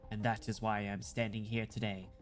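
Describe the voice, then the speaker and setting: A ragged condemned man makes his last grand speech in solemn, measured oratory, as a male streamer reads him aloud. The voice sits low and is kept quiet. Soft music plays faintly beneath. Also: level tone, close to an everyday voice. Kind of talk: dramatic reading of game dialogue.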